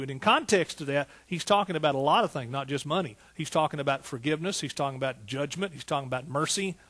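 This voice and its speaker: A man with an East Texas accent preaching a sermon in a folksy, animated way, full of rhetorical questions. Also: on the high side. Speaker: pastor.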